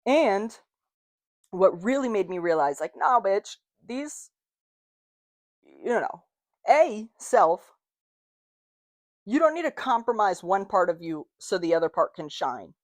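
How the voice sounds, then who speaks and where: A woman hosting her own podcast in a casual, animated solo talk, swearing freely and acting out the voices of doubters. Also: mid-range voice, a little slow, pauses often, dry recording, studio quality. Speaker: podcast host.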